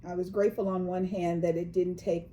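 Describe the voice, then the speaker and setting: A woman from California co-hosts a relaxed chat, her voice mellow and warm. She tells news stories at an easy pace and slips into quick voices for the people she quotes. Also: fairly low pitch, muffled recording, slight background noise. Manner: storytelling, acts out quoted voices. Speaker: co-host. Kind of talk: casual chat.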